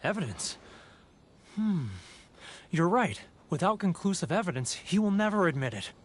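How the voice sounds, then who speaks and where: An actor playing a timid, guilt-ridden merchant in a video game, emotional, sighing and confessional. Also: male voice, high voice, big pitch swings, normal speed. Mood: confessing. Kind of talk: game voice acting. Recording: game audio with faint background music.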